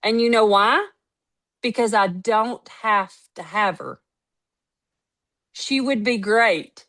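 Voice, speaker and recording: A network marketing team leader gives a casual motivational talk in a voice on the high side, taking it slowly. She tells lively, emphatic stories and acts out what other people said.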